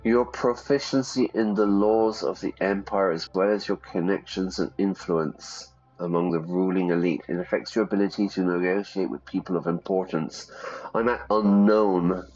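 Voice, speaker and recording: A man's voice: low-pitched, steady tone, moderate pace, darkish tone. A man hosting a live game stream who reads the game text aloud and chats with his viewers. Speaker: streamer and English teacher. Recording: slightly dull recording with faint music.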